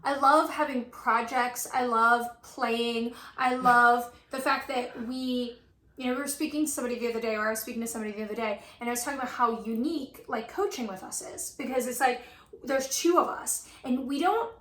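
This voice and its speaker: A woman's voice: a little high, fairly quick, a bit bright, echoey room. A woman coach chatting casually and effusively about her relationship, full of "like" and "right". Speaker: twin flame coach. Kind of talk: casual chat.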